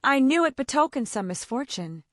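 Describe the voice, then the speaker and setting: A soothing, superstitious old cousin, as a narrator puts her on, sniffing and placating. The reading has lively pitch and a dry, close sound. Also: normal speed, no echo.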